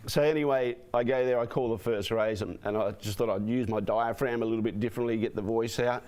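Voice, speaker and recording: Give me a hoarse man, a race caller telling chatty stories as a guest. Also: medium pitch, quick pace. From Australia. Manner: chatty, animated anecdotes with repeated "you know what I mean". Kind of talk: interview guest storytelling.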